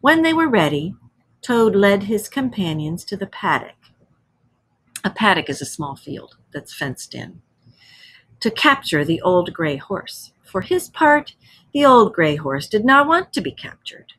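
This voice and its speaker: Husky-voiced woman reading aloud to kids. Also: medium pitch, sing-song, fairly bright tone. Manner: pauses to explain words. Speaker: teacher. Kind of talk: reading a story aloud to children.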